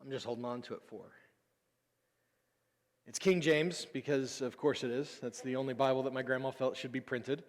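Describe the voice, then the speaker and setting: A man's voice: medium pitch, fairly even intonation, normal speed. A man in his thirties, a pastor, giving a casual, personal sermon full of stories and self-deprecating humor. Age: 30s. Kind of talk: conversational sermon. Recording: long hall reverb.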